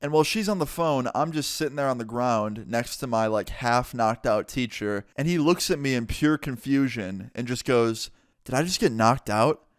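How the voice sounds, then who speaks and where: Male vlogger, casual story-time narrator, smooth clear voice, dry close mic. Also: mid-range voice, no echo. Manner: chatty, quick to act out people he quotes, lots of "like".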